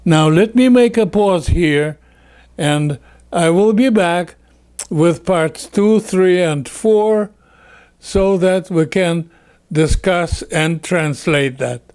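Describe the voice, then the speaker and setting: A man, a native Russian speaker, teaching in an unhurried, explanatory way with frequent fillers. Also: sits high, a little mellow, clear, resonant tone. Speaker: English teacher. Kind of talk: explanatory lesson talk.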